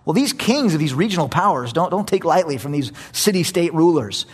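A man preaching a sermon, telling a story with animated energy and repeating phrases for emphasis. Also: on the high side, a little fast, breathy edge.

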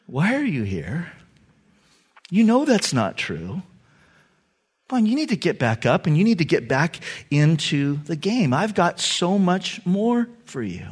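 A man voicing God as a calm, tender presence, speaking softly and gently. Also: very high voice, moderate pace, few pauses, exaggerated voice. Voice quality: hushed, soft-spoken.

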